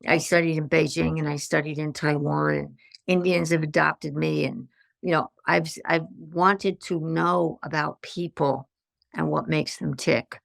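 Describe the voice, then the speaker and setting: An older woman, a guest on a podcast interview, telling her life story in lively anecdotes and acting out the lines of the people in them. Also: low voice, a little slow, creaky, dry recording, clean studio sound. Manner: animated anecdotes with acted-out quotes. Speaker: guest, stress management consultant.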